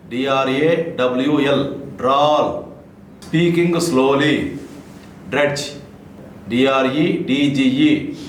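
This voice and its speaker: A man teaching English vocabulary, saying each word, spelling it letter by letter, then giving its meaning in a measured way. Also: on the high side. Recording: echoey room with faint noise.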